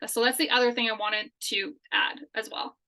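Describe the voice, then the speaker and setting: Bright, high-voiced woman trainer. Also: level tone, moderate pace, poor audio. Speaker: host and trainer of team call. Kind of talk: team training call.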